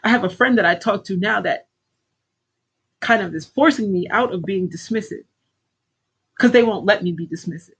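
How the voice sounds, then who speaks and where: Speaking at a normal speed with long pauses, this middle-aged life coach lectures her livestream audience in a blunt, preachy, swear-filled pep talk. Her voice sits at medium pitch with a breathy edge, and the recording quality is poor.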